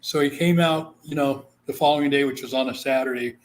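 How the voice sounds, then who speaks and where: This man from Guam, a psychic medium, speaks fairly quickly in a steady, medium-pitched voice, with slight background noise. In a casual interview he tells a chatty story, filling it with "you know" and imitating the people he quotes.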